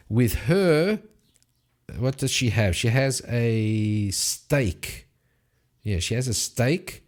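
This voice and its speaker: Slow-talking man narrating a solo tabletop game. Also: mid-range voice. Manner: animated storytelling with sound effects.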